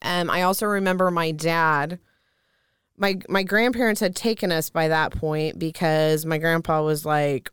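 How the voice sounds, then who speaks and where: Young woman, Midwestern American accent, candid storyteller, very clear lowish voice, dry close sound. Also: fairly even intonation, unhurried, fairly bright tone, no room sound. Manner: candid, swears freely, laughs often. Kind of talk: casual storytelling chat.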